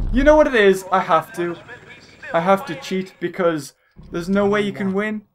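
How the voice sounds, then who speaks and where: A young man giving excitable let's play commentary, yelling and swearing at the game over its music. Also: high-pitched, moderate pace. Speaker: gaming channel host. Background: video game music.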